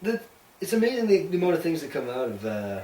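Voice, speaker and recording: A man co-hosts a podcast in a put-on Canadian accent, rambling through casual chat with easy swearing and lots of laughter. He talks fast in a high-leaning, dark-toned voice with big pitch swings. The mic is distant in a roomy space with faint ambience.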